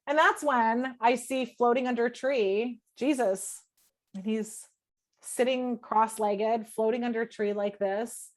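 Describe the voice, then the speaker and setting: A woman's voice: a little high, steady tone, measured pace. Emotional woman telling a personal story. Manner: emotional, swears freely, quotes herself in her head. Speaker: podcast guest.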